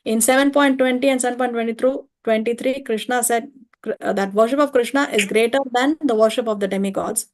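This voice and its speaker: Lady teaching an online class, a bit high-pitched, patient, keeps asking hmm?. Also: steady tone, a little fast. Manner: patient, explains step by step with rhetorical checks. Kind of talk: online study-class lecture. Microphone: video call or home mic.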